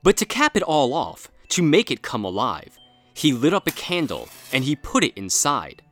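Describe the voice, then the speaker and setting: A man narrating a rhyming Halloween story in a playful, expressive storybook style. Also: medium pitch, moderate pace, faint music behind.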